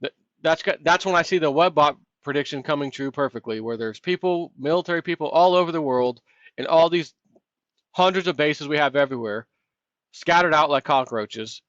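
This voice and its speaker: A man's voice: on the high side, fairly quick, a bit bright, no room sound. A man hosting his own commentary vlog, ranting sarcastically about politics. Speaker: vlog host. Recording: dull, lo-fi, dry.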